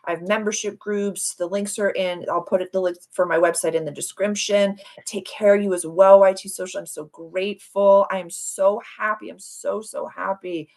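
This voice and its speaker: Effusive woman livestream host, mid-pitched, gushing, repetitive. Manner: effusive, gushing, repeats phrases. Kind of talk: casual live-stream chat.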